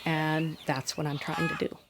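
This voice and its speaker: A woman's voice: low voice, level tone, normal speed, noisy background. A woman dog breeder interviewed on her farm, speaking plainly and firmly. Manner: plain-spoken, firm. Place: farm shed with animals. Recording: farm recording with clucking chickens.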